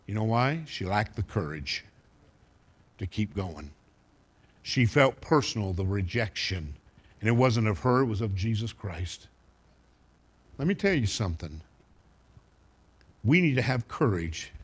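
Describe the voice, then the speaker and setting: A man preaching a sermon to a congregation, animated and emphatic, sometimes acting out the voices of others. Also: on the low side, measured pace, pauses often, breathy edge. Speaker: pastor.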